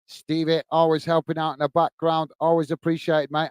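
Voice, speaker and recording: A man hosting a live football stream, commentating on play and chatting warmly with viewers, with frequent fillers and "mate"s. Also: fairly high pitch, monotone, moderate pace, hardly any pauses, clean tone, no echo. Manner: chatty, greets viewers by name, many fillers. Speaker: host of a fan live stream.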